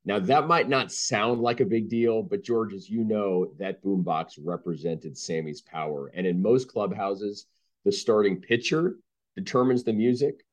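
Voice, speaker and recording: A man's voice: a little slow, muffled recording. A man, a sportswriter guest, telling anecdotes and acting out the people he quotes. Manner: deep-voiced, animated, acts out quoted people. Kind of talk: anecdotal storytelling.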